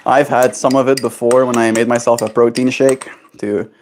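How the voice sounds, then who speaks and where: A man's voice: medium pitch, level tone, moderate pace, slight background noise. A man streaming casual chat while cooing affectionate baby talk to his pet bird at home.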